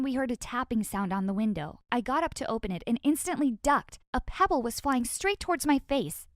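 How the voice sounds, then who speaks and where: A woman narrating a first-person animated story in a wry, exasperated tone. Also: a little high, no room sound, clean studio sound.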